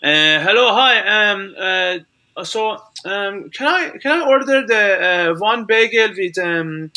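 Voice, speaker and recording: A woman's voice: medium pitch, lively intonation, bright, forceful tone, voice pushed up. A young man voicing his middle-aged mother with a heavy Persian accent, ordering hesitantly and full of ums. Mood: fussy hesitant. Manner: halting, full of ums, drawn-out words.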